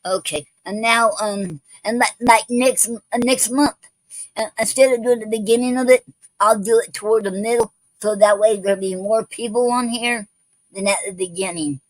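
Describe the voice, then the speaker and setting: A woman's voice: a little high, fairly even intonation, normal speed, dry recording, rough recording. A woman hosting an online poetry show, talking casually with many ums, restarts and repeated okays.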